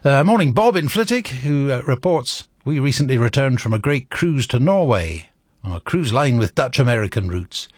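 Husky-voiced male radio presenter, hesitant and wry. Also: medium pitch, sing-song, normal speed, darkish tone, no room sound, studio quality. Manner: hesitant, full of fillers and restarts, wry. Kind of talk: casual on-air chat. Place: radio studio.

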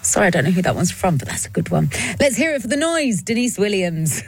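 A female radio host with a playful, chuckling delivery and quick asides. Her voice sits at an ordinary middle pitch. Faint music plays beneath her. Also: very animated, slightly rough. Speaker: radio presenter. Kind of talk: radio call-in segment, reading listener puns.

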